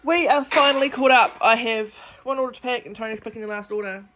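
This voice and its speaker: Chatty woman, slightly high voice. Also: quick pace, a bit bright. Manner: chatty, playful, teasing. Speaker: co-host of a shop vlog. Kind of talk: casual chat. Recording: faint background noise.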